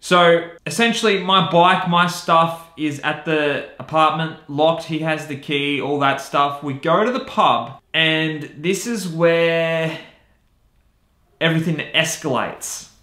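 Rambling man telling a story, bright voice. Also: fairly high pitch, takes it slowly, reverberant. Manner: rambling, many fillers like "you know" and "right?". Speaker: podcast host. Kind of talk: casual storytelling.

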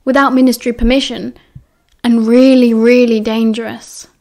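A woman's voice: fairly high pitch, level tone, darkish tone, close to an everyday voice. A woman with a British accent voicing a cheerful, bossy teenage schoolboy who chivvies his friends along. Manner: brisk, chivvying.

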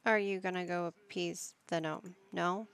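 A woman's voice: lowish voice, steady tone, measured pace, fairly bright tone, clean tone. A woman giving casual gameplay commentary, chatty and coaxing, talking to her characters like a parent would. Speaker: gaming YouTuber.

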